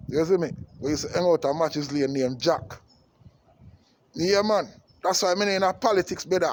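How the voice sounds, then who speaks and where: This man speaks in a high-pitched voice over slight background noise. He's a Jamaican vlogger ranting fervently about politics to camera, repeating himself for emphasis and peppering his speech with tag questions to keep the listener engaged.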